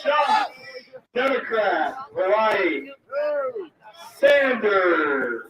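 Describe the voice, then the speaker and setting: Man reading names to a loud crowd. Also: high voice, big pitch swings, very slow, very noisy. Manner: emphatic, calls out lines; apologetic about mispronouncing. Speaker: rally speaker. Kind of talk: reading a list aloud to a crowd. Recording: roomy, distant mic, loud crowd.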